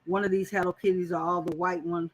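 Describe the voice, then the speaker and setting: A woman's voice: on the low side, flat delivery, fast talker, crowd noise, rough recording. A woman hosting a casual live-stream quilting tutorial, chatting straight to her viewers as she goes.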